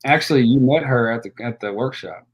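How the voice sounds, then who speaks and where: Male guest with a Tennessee accent, easygoing and halting, on a video call. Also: medium pitch, breathy edge, dull audio. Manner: easygoing, many fillers and restarts. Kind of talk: casual interview chat.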